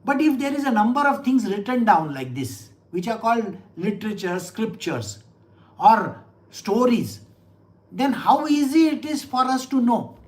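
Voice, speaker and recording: A man, a spiritual teacher giving an animated scripture lecture full of rhetorical questions. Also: extremely high pitch, measured pace, rough recording.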